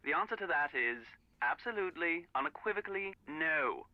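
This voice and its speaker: A man's voice: a little high, animated, a little fast, crowd noise. An actor playing a stiff, disdainful man speaking over a phone line in a mystery game. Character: prim, haughty middle-aged man on phone. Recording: muffled phone call in game.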